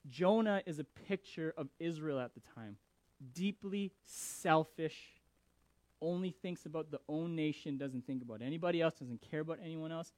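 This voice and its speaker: A male pastor preaching a sermon, animated and emphatic with dramatic pauses. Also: on the high side, dry recording.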